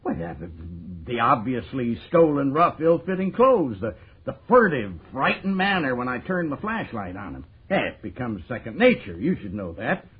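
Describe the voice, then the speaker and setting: An actor playing a boastful, chuckling prison governor in a 1940s radio drama, heard over a tinny old broadcast. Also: male voice, mid-range voice, sing-song, moderate pace, husky. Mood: gloating. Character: boastful American prison governor, middle-aged man.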